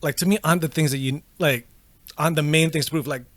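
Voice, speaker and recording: A man's voice: on the high side, fairly even intonation, quick pace, no room sound. A man from Malaysia co-hosting a casual podcast chat, talking animatedly and swearing freely as he acts out reactions. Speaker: podcast co-host.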